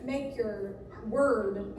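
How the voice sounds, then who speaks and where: A woman's voice: mid-range voice, extremely slow, a little mellow, a little hiss or hum. A woman music teacher leading a class through a lesson, playful and encouraging, and often singing solfege syllables. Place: church room with lots of reverb. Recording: echoey room picked up from a distance.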